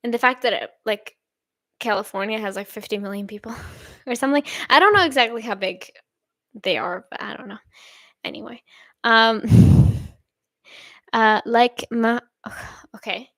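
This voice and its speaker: A bright-voiced young woman from Sweden in her twenties, pitched a little high, chatting casually as she reads viewer comments aloud. She rambles in an upbeat way and laughs often. The sound is dry and close. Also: unhurried, long pauses, no room sound. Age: 20s. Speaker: channel host.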